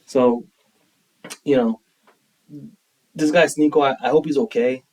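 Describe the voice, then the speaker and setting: Animated opinionated young man podcasting. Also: medium pitch, far from the mic, rough recording. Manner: animated, opinionated, quick to act out quotes. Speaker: podcast co-host. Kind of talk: casual podcast chat.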